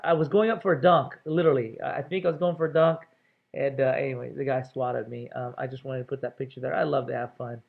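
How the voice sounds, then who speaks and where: A man's voice: fairly high pitch, gravelly. A male instructor giving a casual, chatty introduction to an online course, with many fillers. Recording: tinny phone-like audio.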